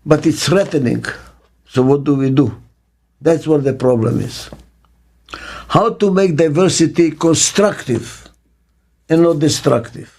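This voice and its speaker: An older man with a Hebrew mother tongue, a business consultant speaking in an interview, slow and emphatic, repeating his key words. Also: a little high, darkish tone. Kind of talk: interview monologue.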